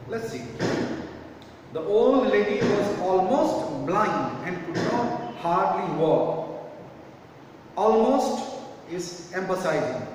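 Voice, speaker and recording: Male teacher, high-pitched, slow, spells words out; distant echoey classroom-style recording. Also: a little hiss or hum. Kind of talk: homework correction lesson. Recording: echoey room from far off.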